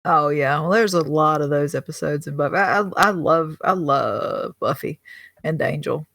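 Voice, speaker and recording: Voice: medium pitch, moderate pace, gravelly, a bit bright. A podcast co-host chatting casually, enthusiastic and joking. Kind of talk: casual chat.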